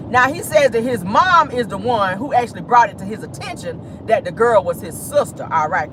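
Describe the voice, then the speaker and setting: A vlogger hosting a casual celebrity gossip monologue from inside a car, sassy and quick to laugh, calling listeners "honey" and "child.". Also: mid-range voice, fairly bright tone, slight background noise. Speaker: vlogger and gossip show host.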